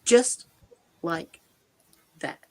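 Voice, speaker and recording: As a guest, a US woman in her 60s emotionally describes her own encounter, her earnest speech halting, restarting, and shifting between rushed and slow. Dryness in her mouth catches on her words, though her tone stays warm.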